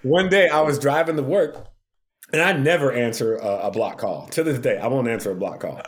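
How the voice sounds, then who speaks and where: A man's voice: mid-range voice, brisk, a little hiss or hum. A man, a TV producer, telling a story with lots of laughter and acted-out quotes as a podcast guest. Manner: acts out quoted voices, laughs often. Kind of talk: animated storytelling.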